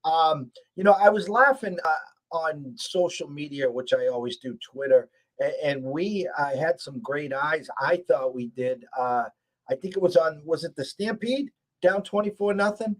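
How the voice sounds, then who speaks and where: Animated male sports betting host. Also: a little high, normal speed, rough recording.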